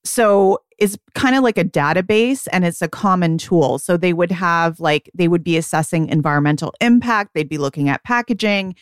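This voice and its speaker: A woman in her forties, co-hosting a podcast as a beauty editor, chatting casually and often quoting herself in quick asides. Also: lowish voice, clear, resonant tone, no room sound, studio quality. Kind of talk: casual chat.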